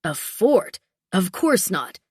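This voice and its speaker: A woman voicing a gruff, taciturn big mountain-guide man in an audiobook, with curt, clipped grumbling replies. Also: mid-range voice, big pitch swings, slow pace, a little mellow, dry recording, studio quality, heavily acted. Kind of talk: audiobook character voice.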